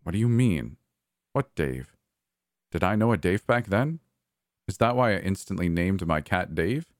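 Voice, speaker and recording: A terrified man, as a horror narrator puts him on, stammering and halting with a voice that jumps around. The sound is dry and close. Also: deep voice, expressive, no room sound. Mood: panicky.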